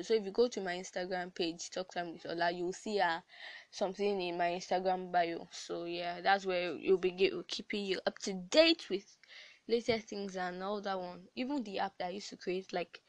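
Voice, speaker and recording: A woman's voice: medium pitch, no room sound. Chatty young woman podcast host, dry sound. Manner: chatty, advising, with frequent laughs and restarts. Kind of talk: casual podcast chat.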